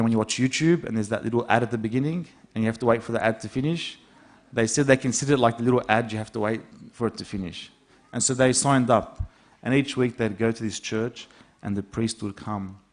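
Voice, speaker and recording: Low-voiced man telling a sermon story. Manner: conversational storytelling, acts out quoted dialogue. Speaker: priest. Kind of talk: sermon with personal stories.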